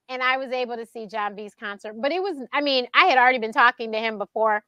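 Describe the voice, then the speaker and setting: A woman telling stories in casual talk, animated, laughing often and acting out what others said. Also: normal speed, no echo. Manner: animated, acts out quotes in a higher voice; laughs often mid-sentence. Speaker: show host being interviewed. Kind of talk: casual storytelling.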